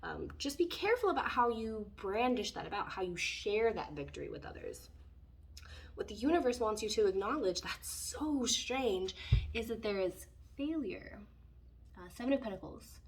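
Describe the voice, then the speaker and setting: A woman with a mid-range voice, sounding far from the mic, gives a casual tarot reading. She rambles conversationally and fills her speech with fillers.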